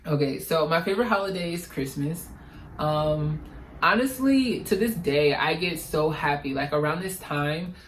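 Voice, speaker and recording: A young man chatting casually to camera as a vlogger, animated, slangy and dramatic. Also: a little high, normal speed, slight background noise, low-quality recording.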